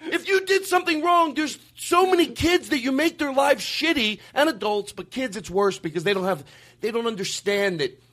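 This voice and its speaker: A man's voice: high voice, normal speed. A man hosting a podcast and ranting in an emphatic, comedic way, swearing freely. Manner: animated, emphatic, profane. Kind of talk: comedic rant in casual chat.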